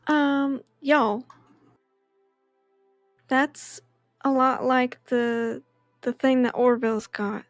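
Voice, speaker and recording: A woman's voice: sits high, fairly even intonation, extremely slow, pauses often, dry recording, faint music behind. A woman playing a tabletop game, talking in an easygoing, drawling way. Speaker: player.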